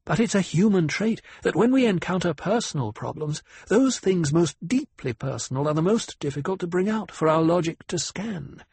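A man voicing a cool, cutting noblewoman who lectures in a measured, calm way, with a breathy tone. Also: high voice, dry recording, voice pushed up, exaggerated voice. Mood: cold, probing. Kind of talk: audiobook character voice.

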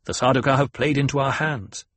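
A man voicing a young rebel leader who speaks firmly and commandingly, in a husky voice. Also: medium pitch, fairly even intonation, fairly quick, fairly bright tone, dry recording, lightly acted. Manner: firm, commanding. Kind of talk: audiobook character voice.

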